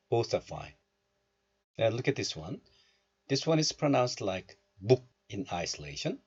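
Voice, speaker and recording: A man hosting a language channel, explaining pronunciation slowly and repeating sounds for learners. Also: medium pitch, sing-song, darkish tone, slightly rough, dull audio. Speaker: Korean language teacher, channel host. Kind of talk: explaining phonics lesson.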